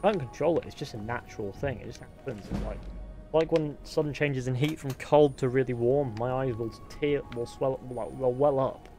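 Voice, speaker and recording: A young man streaming a game live, chatting casually, swearing freely and answering his chat out loud. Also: mid-range voice, normal speed, faint music behind.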